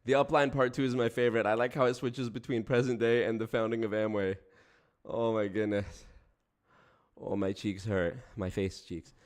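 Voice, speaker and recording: A man's voice: lowish voice, fairly even intonation, moderate pace. A man hosting a casual livestream, chatting with viewers, breaking into frequent laughter and swearing casually. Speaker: streamer host.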